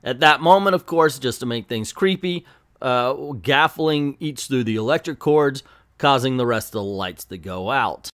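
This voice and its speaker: A man's voice: medium pitch, expressive, normal speed, a bit bright, no room sound, studio quality. A man hosting a comic book video, recapping an issue in a casual, sarcastic, chatty way.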